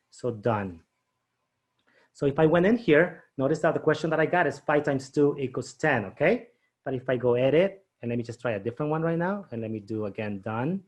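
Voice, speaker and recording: A man's voice: mid-range voice, darkish tone. A man leading a teacher training session, walking through quiz setup on screen and checking in often with "okay?" and "right?". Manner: chatty, frequent "okay?" and "right?" check-ins, thinks aloud. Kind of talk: screen-share training demo.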